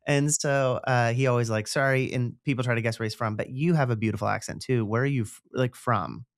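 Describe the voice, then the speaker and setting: A man's voice: medium pitch, fairly even intonation, fairly quick, dry recording. Host: man, eager and chatty, loose and rambling, mid voice, dry close mic. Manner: enthusiastic, rambling with fillers. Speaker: podcast host. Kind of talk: casual podcast interview.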